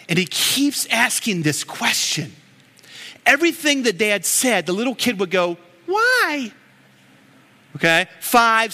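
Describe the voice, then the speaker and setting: A man's voice: sits high, pushed and bright. A middle-aged man preaching a sermon as pastor, earnest and emotional, telling stories between prayers in a church. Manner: earnest, emotional, with storytelling asides. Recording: echoey hall with long reverb.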